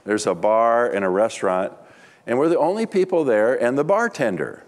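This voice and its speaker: A man's voice: medium pitch, normal speed. A middle-aged man preaching, telling stories and acting out the dialogue. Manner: animated storyteller, acts out dialogue. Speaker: pastor. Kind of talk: sermon with storytelling.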